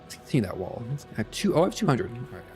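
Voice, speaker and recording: A man's voice: mid-range voice, big pitch swings, racing, darkish tone, soft background music. A man streaming a factory-building game, muttering to himself with playful asides. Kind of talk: casual gameplay commentary.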